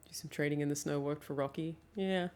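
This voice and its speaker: A woman's voice: deep voice, a little fast, darkish tone. A young woman talking casually to her livestream chat, often laughing and swearing freely, at a home setup with a desk mic. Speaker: streamer.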